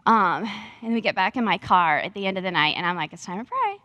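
Animated woman telling a faith story. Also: lowish voice, fast, no echo, highs cut off. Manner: earnest, animated storyteller acting out her own quotes. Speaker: speaker sharing testimony. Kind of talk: sermon-style storytelling.

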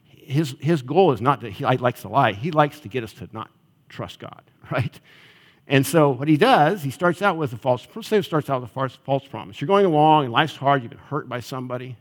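A man's voice: mid-range voice, animated, normal speed. A male pastor giving a sermon in a conversational style, often checking in with the audience. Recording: long reverb of a large hall.

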